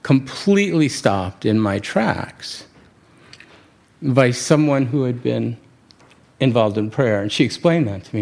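A man from New York City telling a reflective personal story, often halting and restarting his words and chuckling at himself. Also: medium pitch, lively intonation, creaky, darkish tone. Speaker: speaker sharing a personal story.

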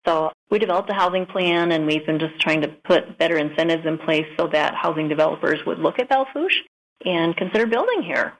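A woman in her fifties from South Dakota talks as a guest on a radio show, with a lowish voice for a woman. She sounds earnest and upbeat. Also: animated, fairly quick, low-quality recording. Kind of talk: radio interview.

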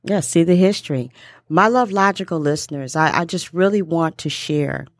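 A woman's voice: fairly low pitch, no room sound, studio quality. Upbeat woman hosting a podcast. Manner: upbeat, emphatic, drawn-out listing. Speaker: podcast host. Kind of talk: casual podcast conversation.

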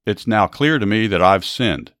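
A man's voice: lowish voice, expressive, moderate pace, a bit bright, dry recording, studio quality. A man voicing a remorseful older king who calls out imploringly. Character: remorseful older male king calling to a rival.

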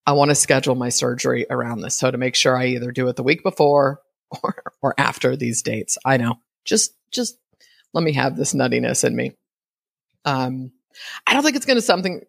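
A woman's voice: low-pitched, gravelly, fairly bright tone, no room sound, clean studio sound. A woman hosting her own podcast, giving a chatty, rambling solo update with many fillers. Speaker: podcast host.

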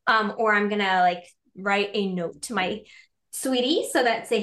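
A lively, animated woman speaks as a guest on a podcast, breaking into laughs and playful acted-out voices as she explains. Her voice sits at a middle pitch, and the room around her gives it a noticeable echo. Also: a little slow. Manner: animated, acts out quoted voices, laughs often. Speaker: guest coach. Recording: roomy echo.

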